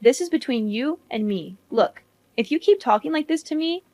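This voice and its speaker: Actress as a hurt, defiant wife in a cartoon; indignant delivery, fairly high voice, dry close mic. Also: female voice, animated, normal speed, mellow, dry recording. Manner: indignant, pleading. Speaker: wife in an animated story.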